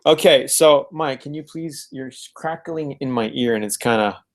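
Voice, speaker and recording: A man's voice: mid-range voice, moderate pace. A man hosting a casual live stream from home, upbeat and fond of repeating words as he greets viewers. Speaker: host of a live car-flipping webinar.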